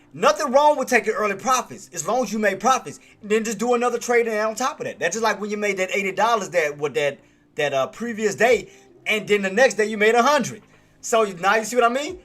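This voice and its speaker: Male trading streamer, casual recap, bright and forceful, light music bed. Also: sits high. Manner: excited, repetitive shout-outs to viewers.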